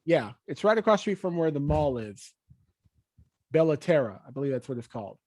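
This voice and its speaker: A man's voice: on the high side, big pitch swings, fairly quick, a little mellow, dry recording. Easygoing rambling podcast co-host, a man. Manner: easygoing and rambling, with many "uh" and "you know". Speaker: podcast co-host, mortgage broker. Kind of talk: casual podcast talk.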